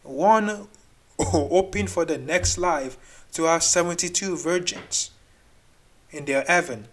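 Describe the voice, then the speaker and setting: A man's voice: on the high side, slow pace. A man hosting a reaction video, arguing back in an exasperated tone and restarting his sentences as he thinks aloud. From Nigeria. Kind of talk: ranting reaction commentary.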